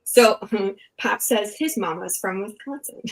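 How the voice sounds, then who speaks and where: Woman, Midwestern accent, talk show host, chatty, quick laughs, medium pitch. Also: expressive, poor audio. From Michigan. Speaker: podcast host. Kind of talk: casual chat.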